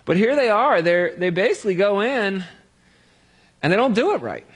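A man's voice: high voice, expressive, normal speed, slightly rough, big-room sound. A man preaching a sermon in a conversational way, with jokey everyday analogies.

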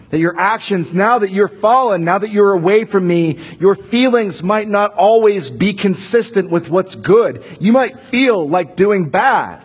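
A man delivers a sermon in a conversational way. His voice sits a little high and has a husky edge. He slips into quoted dialogue now and then. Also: expressive, unhurried. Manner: acts out voices of God and Cain in quoted dialogue, casual phrasing. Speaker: preacher.

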